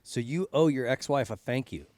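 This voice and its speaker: A man's voice: mid-range voice, moderate pace, darkish tone, no echo, studio quality. A man hosting a casual podcast interview, chatting along and prompting his guest with details of his own. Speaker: podcast host.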